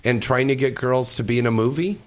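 A man's voice: mid-range voice, brisk. A man hosting a casual radio chat, playful and teasing with his guests. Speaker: radio host.

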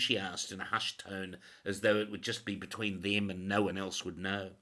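A man reading a crime novel as scripted audiobook narration, measured and dramatic. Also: sits low, little pitch movement, pushed and bright.

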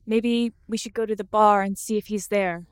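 A woman's voice: medium pitch, steady tone, moderate pace, clear, resonant tone, no echo, clean studio sound. A woman playing a tabletop role-playing game, talking in a casual, matter-of-fact way. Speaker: player.

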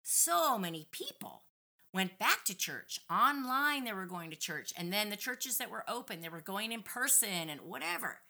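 A middle-aged woman, a podcast guest, telling a story in a casual, indignant and animated way. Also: medium pitch, normal speed, gravelly. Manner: animated, indignant retelling with lively acted-out quotes.

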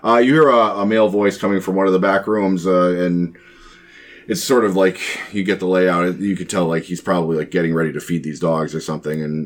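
A man's voice: low-pitched, steady tone, fairly quick. A man narrating a tabletop game as game master, rambling with lots of fillers and restarts.

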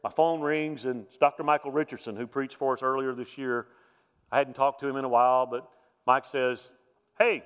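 Earnest pastor in a reverberant hall. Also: male voice, mid-range voice, fast, smooth. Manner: heartfelt storytelling with quoted voices, swelling and dropping to a hush. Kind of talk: sermon. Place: church sanctuary. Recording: long reverb of a church hall.

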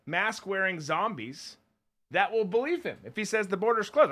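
A man's voice: sits high, expressive, moderate pace, fairly bright tone. A man co-hosting a podcast, ranting bluntly and sarcastically in political commentary. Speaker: podcast co-host.

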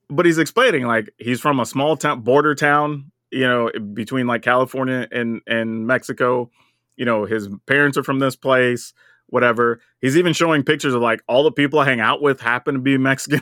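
A man co-hosting a podcast in casual chat, thinking aloud in an animated way. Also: mid-range voice, moderate pace, no echo, studio quality. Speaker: podcast co-host.

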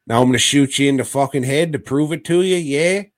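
A man on a podcast doing a quick, pushy voice for a shady male mad-scientist doctor with mock slang. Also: medium pitch, no room sound, clean studio sound, voice pushed up, close to an everyday voice. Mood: wheedling. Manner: mock British-slang patter, fast and loud. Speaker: podcast co-host.

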